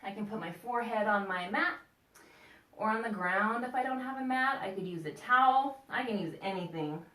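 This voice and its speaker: A woman's voice: mid-range voice, moderate pace, sharp tone. A woman teaching a children's yoga class, playful and encouraging as she guides them through poses and breathing. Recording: echoey room, mic at a distance.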